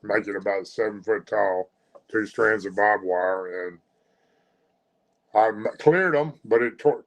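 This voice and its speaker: Man, middle-aged, rambling storyteller, lots of fillers, mid pitch. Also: fairly bright tone, rough recording. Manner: rambling, halting, many fillers and restarts. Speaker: guest telling a creature encounter. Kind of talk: first-person storytelling.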